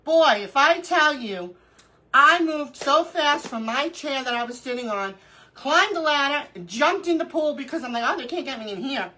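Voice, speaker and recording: Bright, animated woman telling stories. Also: high-pitched, moderate pace, a little hiss or hum, low-quality recording. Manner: animated storyteller, laughs often. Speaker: craft livestream host. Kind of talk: casual chat during a live crafting stream.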